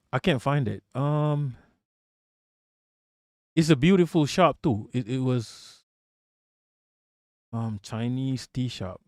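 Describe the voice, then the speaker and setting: A man from Malaysia hosting a livestream, telling stories in an animated, swearing, casual way. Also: medium pitch, takes it slowly, pauses often, no echo, clean studio sound. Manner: animated, profane storytelling. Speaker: livestream host.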